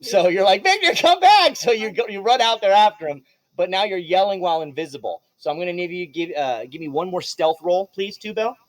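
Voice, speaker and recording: A playful man runs a tabletop game as game master, chuckling through his narration and swearing casually. His voice sits a little high. The sound is dry and close. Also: fast, no echo.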